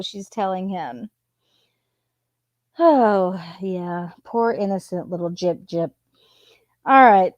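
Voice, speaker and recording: Slow, sarcastic woman reading messages. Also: medium pitch, no room sound. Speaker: true crime commentator reading text messages. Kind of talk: casual commentary reading messages aloud. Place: home with a cat nearby.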